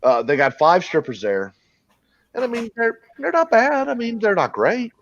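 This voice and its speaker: A man's voice: high voice, sing-song, moderate pace, a bit bright. A man casually telling a long, crude story with frequent laughs and restarts. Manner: rambling, crude, laughing at his own story. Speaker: podcast host telling a story. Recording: dull lo-fi sound, dry.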